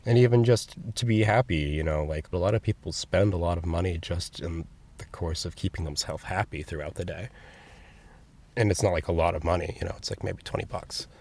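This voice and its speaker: Very deep gravelly young man. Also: darkish tone. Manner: halting, earnest, gets emotional. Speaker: interviewee, store cashier. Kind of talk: candid interview talk.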